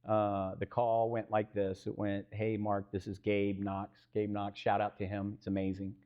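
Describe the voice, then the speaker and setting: Over phone-quality sound, a low-voiced man speaks a little slowly with a Texan accent. As a real estate co-founder on a live panel, he tells a business story with animation, acting out dialogue and posing questions to the audience.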